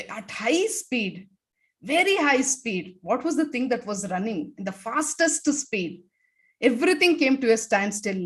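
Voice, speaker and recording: Woman, fairly high voice, guided laughter exercise, many fillers, video call. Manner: leads the group, demonstrating laughter sounds with loud bursts. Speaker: laughter yoga expert.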